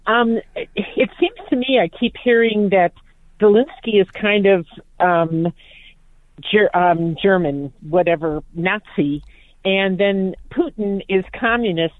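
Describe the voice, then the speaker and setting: A woman's voice: medium pitch, slow, dry recording. A woman calling in to a radio talk show, asking a question hesitantly. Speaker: caller. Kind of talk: call-in conversation. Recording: tinny phone line.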